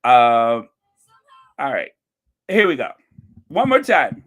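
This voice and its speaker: A man's voice: medium pitch, big pitch swings, slow pace, fairly bright tone. A man hosting his own channel, chatting casually, laughing often, rambling with fillers. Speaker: channel host. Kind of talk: casual commentary.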